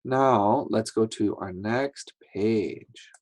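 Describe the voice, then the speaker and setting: A man teaching a slow English lesson to young learners, patient and repetitive, acting out sounds as he explains. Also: fairly low pitch, darkish tone. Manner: patient, repeats words, acts out sounds.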